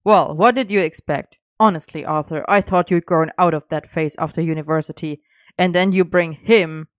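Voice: mid-range voice, fairly even intonation, moderate pace, no room sound, close to an everyday voice. A reader voicing a cold, disapproving older father who speaks in a clipped, haughty way, in a dry, slightly dull recording. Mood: cool disapproval.

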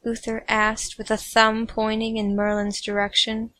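A woman's voice: fairly high pitch, completely flat delivery, unhurried, fairly bright tone, no echo. A woman narrating a comic fan fiction story with playful, snarky asides.

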